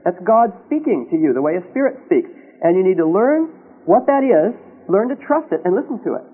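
Husky man teaching scripture over radio. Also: high-pitched, very animated, a little fast, phone-quality sound. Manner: reads scripture aloud and checks in with frequent "Okay?". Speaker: Bible teacher. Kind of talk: sermon-style Bible teaching.

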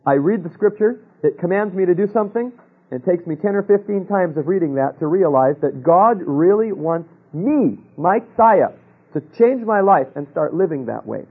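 A man preaches a sermon, telling a personal story full of rhetorical questions and dropping to a hush for quoted voices. His high, husky voice is expressive at a normal speed, and the sound is phone quality.

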